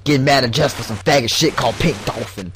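With faint music behind him, a man hosting a gaming video banters crudely with a friend as he plays, laughing often in casual let's-play style. He talks fast, medium-pitched, with a fairly bright tone.

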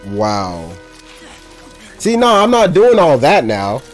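A man's voice: a little high, huge pitch swings, takes it slowly, faint music behind. A young man casually reacting to a movie, talking in loose slang, cursing and laughing a lot.

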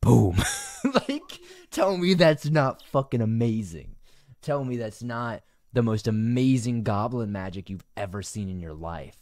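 Lively, profane man reacting to clips. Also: medium pitch, measured pace, no echo. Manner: incredulous, profane, laughs often. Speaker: commentary channel host. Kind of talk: reacting to and narrating an online clip.

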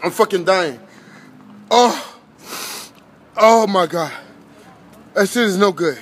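Young man, teary and sweating, gasping, slow talk, high voice. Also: lively intonation, breathy edge. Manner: gasping and groaning, mouth burning. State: teary, sweating, short of breath. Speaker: vlogger. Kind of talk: casual vlog.

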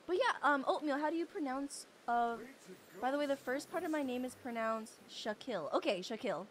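A woman's voice: high voice, lively intonation, normal speed, a little hiss or hum. A young woman streaming a game live, chatting playfully with her chat and bursting into squeals.

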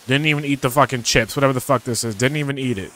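A young man commentating a horror game he is playing, loud, profane and joking as he talks back at it. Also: mid-range voice, rapid-fire. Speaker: gaming streamer. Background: game music.

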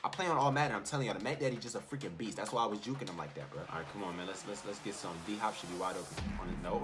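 A man's voice: racing, few pauses. Give me a hyped young gamer man with slangy play-by-play and music playing behind him. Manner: hyped, slangy, shouts and sing-song chants at big plays, mutters low in between. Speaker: gaming YouTuber. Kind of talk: excited gameplay commentary.

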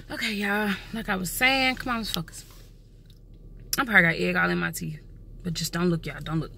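A woman's voice: lowish voice, steady tone, a little fast, gravelly, pauses often, sharp tone, slight background noise. A woman in her thirties vlogging casually to the camera from home and her car, chatty and swearing freely, talking to viewers as y'all. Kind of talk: casual vlog chat to camera.

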